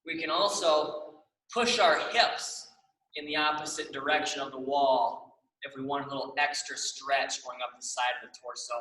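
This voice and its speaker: A man's voice: on the high side, bright, forceful tone, roomy sound, far from the mic, poor audio. Upbeat young man leading a stretch class. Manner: upbeat, encouraging, checks in with class often. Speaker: exercise class instructor.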